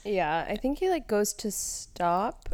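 A woman's voice: mid-range voice, very animated, slow, darkish tone. A woman co-hosting a podcast, recapping a TV episode in casual chat with lots of "um" and "like". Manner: chatty, frequent "um" and "like". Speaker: podcast co-host.

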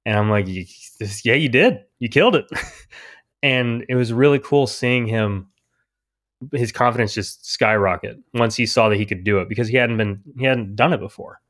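A man, a guest on a podcast, telling a story in a rambling, animated way and quoting other people's words. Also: lowish voice, moderate pace. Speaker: indie comic creator, guest. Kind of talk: casual storytelling interview.

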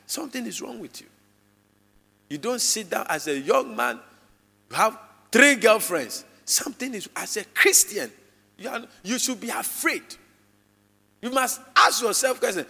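A man preaching a live sermon to a congregation, emphatic and repetitive, his voice jumping suddenly in pitch and loudness. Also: big pitch swings, measured pace, gravelly, pauses often, husky. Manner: repeats phrases for emphasis. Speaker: pastor. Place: church hall with congregation. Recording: long reverb of a large church hall.

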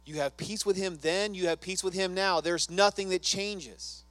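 Preacher, male: earnest sermon delivery, talks with the room, voice a touch high. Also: steady tone, normal speed, fairly bright tone, no room sound. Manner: earnest, conversational, asks the congregation questions. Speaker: pastor.

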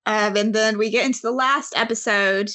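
A woman's voice: a little high, steady tone, normal speed, pushed and bright. A woman hosting a podcast in casual chat, giggly and chatty, laughing between sentences. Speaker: podcast host.

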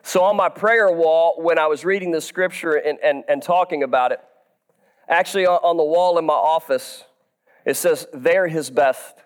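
Male pastor, high voice, animated church sermon with big shouted swells. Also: clean tone. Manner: animated preaching, swings from low and soft to loud, drawn-out shouts. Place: church sanctuary.

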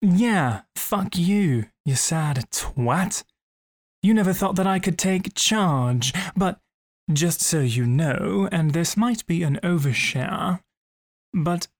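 A man's voice: a little high, slow. An actor playing a brash young man who swings between self-pity and swagger, cursing freely in audio drama outtakes. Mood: defiant. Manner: profane, dramatic self-talk.

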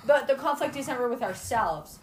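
A young woman with a slightly high voice chats casually as a podcast co-host. She speaks frankly and with opinion, using loose fillers and an occasional curse. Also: animated, brisk, slight background noise. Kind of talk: casual chat.

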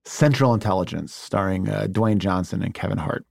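A man in his thirties, a guest actor and writer, telling animated stories in a casual interview. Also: low-pitched, vocal fry, no room sound, studio quality. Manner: animated, quick to act out quotes.

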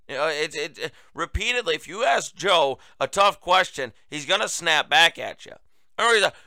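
A male host delivers political commentary with indignant sarcasm. His voice is forceful and tense, smooth and crisp, recorded dry and close. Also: a little high, expressive, moderate pace, no room sound. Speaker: talk show host.

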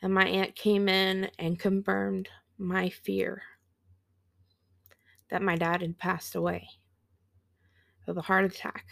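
A woman in her thirties hosting a podcast, telling a personal story in a slow, halting, reflective way and sounding teary. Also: mid-range voice, flat delivery, vocal fry, fairly bright tone, no room sound. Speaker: podcast host.

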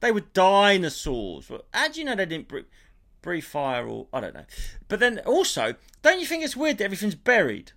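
Animated man chatting. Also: high voice, normal speed. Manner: animated, rambling, playful conspiracy musing. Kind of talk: casual chat.

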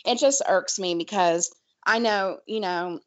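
A woman's voice: mid-range voice, measured pace. A woman co-hosting a podcast, talking sassily in a rambling way with many fillers. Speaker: podcast co-host. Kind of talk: casual chat.

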